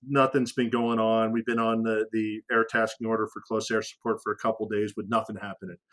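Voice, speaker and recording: Middle aged guy on a podcast telling old fighter jet war stories, average pitch, lots of restarts and swearing, gets loud doing the radio calls. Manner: animated storyteller who acts out radio calls with sudden loud raised lines; frequent restarts and fillers, profane casual military slang. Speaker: podcast guest, former fighter aircrew. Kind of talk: casual storytelling interview.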